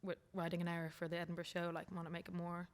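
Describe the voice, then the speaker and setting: A young adult woman with a Dublin accent, a stand-up comedian chatting casually as a podcast guest, lively and quick with frank asides. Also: on the low side. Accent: Irish, Dublin. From Ireland. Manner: lively, swearing, quick asides, laughs easily. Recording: long hall reverb.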